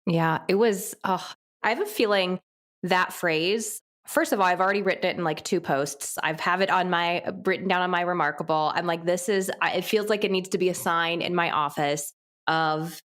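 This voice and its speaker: Enthusiastic woman podcast host, slightly low voice. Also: normal speed. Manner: enthusiastic, reflective, laughs easily, rises in pitch when excited. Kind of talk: conversational interview.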